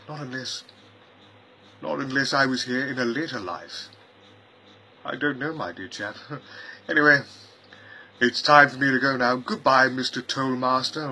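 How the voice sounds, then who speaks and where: In a fan-made audio parody, a man plays an eccentric gentleman time traveller who chuckles, rambles, and mutters to himself. His voice is mid-range, with a bit of hiss or hum in the recording.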